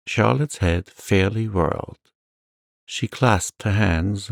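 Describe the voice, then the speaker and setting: A man reads a bedtime story softly and soothingly, at a very slow pace. His low voice has a gravelly fry, recorded close and dry. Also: dry recording. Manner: soft, soothing. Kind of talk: calm bedtime story narration.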